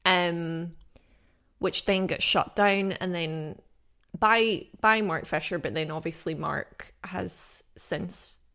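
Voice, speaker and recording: Woman from Britain, lowish voice, co-hosting a podcast; reflective and casual, thinks aloud with fillers. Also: takes it slowly, gravelly, fairly bright tone. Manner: thoughtful, many fillers and restarts. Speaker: podcast co-host. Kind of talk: casual discussion.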